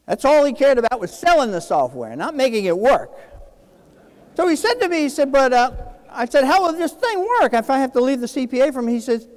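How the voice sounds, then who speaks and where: A man's voice: very high-pitched, brisk, big-room sound. A man in his sixties from New Jersey gives a keynote speech, telling a personal story and acting out the dialogue. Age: 60s. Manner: animated, acts out quoted dialogue. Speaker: keynote speaker.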